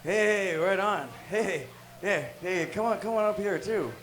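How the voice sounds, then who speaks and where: A man's voice: high-pitched, unhurried, a bit bright. A man doing a rambling, awkward stand-up comedy set at a live music venue, padding his jokes with "check it out" and "right?". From Canada.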